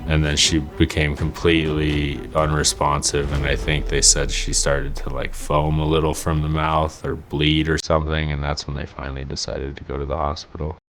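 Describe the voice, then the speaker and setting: A young man recounting a painful memory in a documentary interview, halting and stumbling over his words. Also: rumbling low, monotone, fairly bright tone. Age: young adult. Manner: halting, with restarts and fillers. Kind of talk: emotional personal recollection. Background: faint music.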